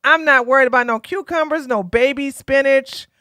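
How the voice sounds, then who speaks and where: A woman's voice: sits high, normal speed, sharp tone, dry recording, clean studio sound. A tired woman from Georgia, hosting a casual political live stream and talking bluntly to her chat. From Georgia, USA. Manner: blunt, sassy, talks straight to chat.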